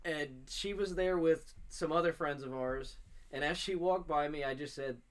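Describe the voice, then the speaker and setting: A man co-hosting a casual podcast, telling a story in a relaxed way and chuckling now and then. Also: on the high side, moderate pace. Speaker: podcast co-host.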